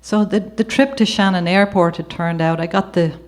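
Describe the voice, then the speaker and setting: At a gallery event, an Irish woman with a medium-pitched, steady voice reads her memoir to an audience at normal speed. She shifts between the written passages and conversational storytelling, with warm asides and now and then a laugh.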